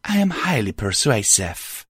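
A man's voice: lowish voice, very animated, a little slow, fairly bright tone, slightly rough, no echo, clean studio sound, full character voice. A man voicing a cruel female alicorn villain who mocks and gloats in a taunting manner.

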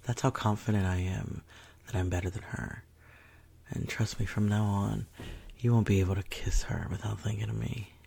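A woman's voice: rumbling low, fairly even intonation, normal speed, vocal fry, dark tone, breathy edge, heavily acted. A woman voicing a confident, possessive young woman in a whispered role-play, teasing and commanding, often dropping into whispers. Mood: smug.

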